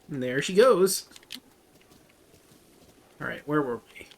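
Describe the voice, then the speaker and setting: A man's voice: a little high, lively intonation, slow, vocal fry, a little hiss or hum. A man streaming a game, chatting casually and joking about what happens on screen. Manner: joking, reads game text aloud. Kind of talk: casual gameplay chat.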